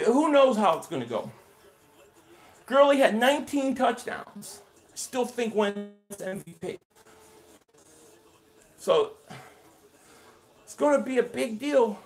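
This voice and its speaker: Host, man, higher voice, energetic play-by-play on a live stream, chats with his viewers. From Philadelphia area. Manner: excited play-by-play calling, reading and answering chat. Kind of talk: live game reaction stream.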